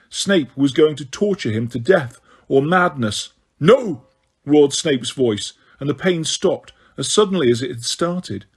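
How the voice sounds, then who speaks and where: Husky male audiobook narrator. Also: on the high side. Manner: steady storytelling with occasional stumbles.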